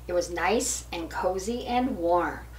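A woman's voice: on the low side, animated, slow pace, echoey room. An older woman reading a picture book aloud to her grandchildren. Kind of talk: storybook read-aloud. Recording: distant mic with faint hiss.

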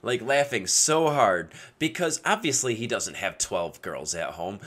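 A man's voice: fairly low pitch, animated, unhurried, a bit bright. A man telling a story to camera in a casual vlog, laughing often and cutting off his swear words mid-word. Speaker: video creator giving dating advice.

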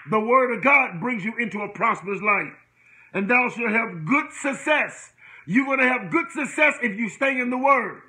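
A man's voice: very high-pitched, pushed and bright, rough recording. A man preaching a sermon with an impassioned, call-and-response cadence on a livestream.

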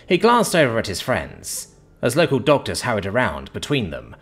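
Husky, animated male storyteller. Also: medium pitch, moderate pace. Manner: dramatic, expressive storytelling. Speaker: story narrator. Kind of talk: scripted narration.

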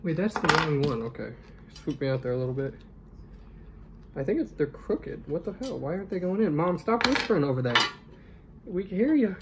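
A man's voice: on the high side, very animated, brisk, pauses often. A man vlogging casually at home while assembling a stand, talking to himself and getting frustrated. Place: room at home. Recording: noisy room sound.

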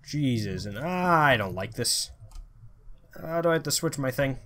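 Man, let's play commentary, excitable, swears a lot, lively pitch, thinks aloud. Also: measured pace, slight background noise. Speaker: gamer.

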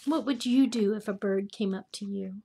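An older woman, reading a children's picture book aloud as a grandmother, gently chatting and asking the listeners questions. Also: mid-range voice, normal speed, husky. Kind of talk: storybook read-aloud for children.

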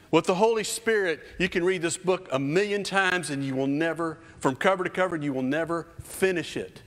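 A man's voice: a little high, a bit bright. A man in his fifties preaching a sermon as a children's pastor, emphatic and repetitive, building in intensity. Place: church stage. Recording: reverberant church hall.

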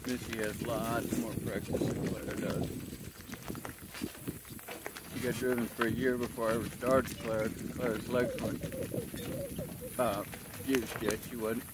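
A man's voice: mid-range voice, level tone, measured pace, pauses often. A man training donkeys talks casually in a folksy way while driving them outdoors on a cart. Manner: folksy, mild exclamations, calls out to animals. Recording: outdoor noise with animals and vehicles.

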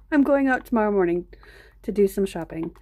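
A woman's voice: medium pitch, expressive, moderate pace, a little mellow. A middle-aged woman hosting an art live stream, rambling and chatting straight to her viewers. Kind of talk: casual live-stream chat.

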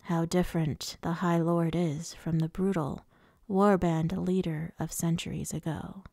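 A woman's voice: fairly low pitch, little pitch movement, a little slow, warm tone, no room sound, clean studio sound, pitched below the performer's own voice. A woman reading the lines of a suave, menacing male fae lord, with a purring, taunting delivery. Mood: whispered purring.

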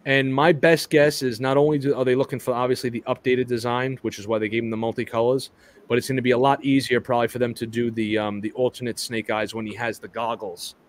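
A man's voice: medium pitch, level tone, fast. A man hosting a live toy chat stream, talking casually with lots of restarts and stumbles and some casual swearing.

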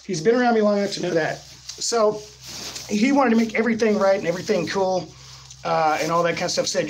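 A man's voice: high-pitched, fairly quick, slight background noise, rough recording. A man vlogging, telling a story in a casual, slangy, laid-back way and saying "dude" a lot. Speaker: vlogger treasure hunter.

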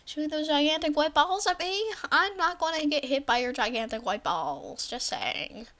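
A woman giving goofy, rambling gameplay commentary, often dropping into whispered asides and bursting into excited shrieks. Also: high-pitched, normal speed. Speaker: let's play commentator.

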